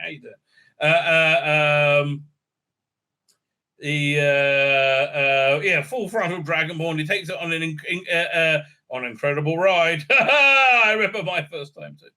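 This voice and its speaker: Man, host, casual episode recap, slightly high voice, very bright tone, stammering fillers, joking. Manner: rambling, full of stammered fillers and repeated "right?"; irreverent, joking.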